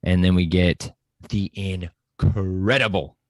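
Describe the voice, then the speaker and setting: A man talking excitedly about a movie in a casual discussion, close to his microphone, animated and jumping into high exclamations. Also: slow, no room sound. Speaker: pop culture podcast guest.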